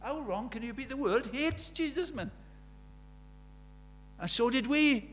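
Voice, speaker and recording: A man's voice: very high voice, animated, measured pace, fairly bright tone, a little hiss or hum. A man preaching a sermon, emphatic and storytelling, firing rhetorical questions at the congregation.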